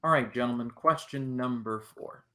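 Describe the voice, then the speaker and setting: A man's voice: mid-range voice, normal speed, bright, forceful tone. A man acting as quizmaster, reading rules and questions and counting down answers in a game show style.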